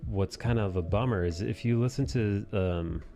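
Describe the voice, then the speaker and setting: A man's voice: fairly low pitch, normal speed, mellow. A man hosting a drawing live stream, chatting casually in a rambling, profane way that keeps correcting itself. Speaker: live-stream host and comic artist.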